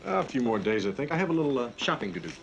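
An actor playing a smooth-talking, evasive team executive and scout, in a 1970s TV drama. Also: male voice, medium pitch, big pitch swings, rapid-fire, muffled recording, a little hiss or hum. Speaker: team manager and talent scout.

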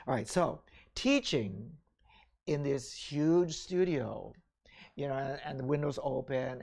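A man's voice: medium pitch, darkish tone. An older man, a ballet teacher, chatting casually about his career in a rambling way, with frequent "you know" and "all right?". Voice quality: gravelly, husky. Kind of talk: casual memoir talk.

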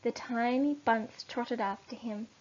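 A woman teacher reading a children's story aloud for a lesson, slow and expressive. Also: on the high side. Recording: dull lo-fi recording.

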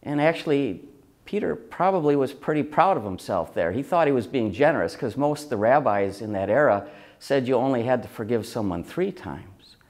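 A man's voice: medium pitch, lively intonation, normal speed, a little mellow. A man who is a bishop, giving a conversational Sunday reflection and telling a story as he preaches. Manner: conversational storytelling, acts out quoted people. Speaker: auxiliary bishop.

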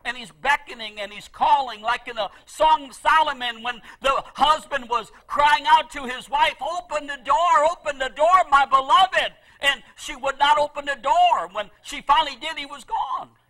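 A middle-aged male pastor preaching a sermon with passion, repeating phrases and swinging between loud emphasis and soft asides. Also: very high-pitched, moderate pace, few pauses, rough recording.

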